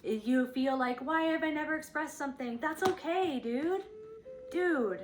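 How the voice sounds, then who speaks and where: A woman's voice: sits high, a little slow, echoey room, over music. A woman giving a rambling, earnest spiritual reading, casually swearing and acting out inner thoughts in quoted voices. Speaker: intuitive spiritual reader.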